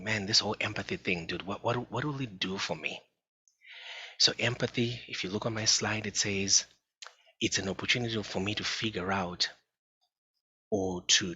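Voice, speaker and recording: A psychologist gives an informal parenting talk, speaking earnestly and often repeating himself as he addresses listeners as "folks." His voice is low and husky yet strikingly bright and forceful, and the recording is dull and lo-fi.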